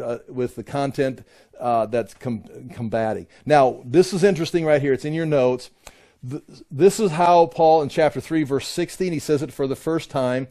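A man teaches a Bible class in an explanatory style, his medium-pitched voice mellow. He frequently pauses with "uh" and restarts his sentences.

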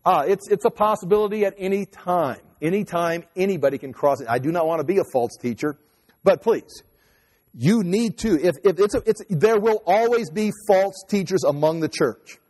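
A man's voice: sits high, expressive, moderate pace, a little mellow, big-room sound. A man preaching a sermon as pastor, talking conversationally and joking at his own expense. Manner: conversational, self-mocking humor.

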